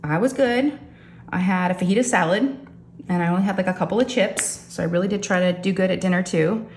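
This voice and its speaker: Middle-aged woman vlogger, chatty storyteller, lowish voice, echoey home room. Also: fast talker, a little hiss or hum. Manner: chatty, animated, addresses viewers as y'all. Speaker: crafting vlogger. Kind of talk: casual storytelling chat. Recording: echoey room with faint ambience.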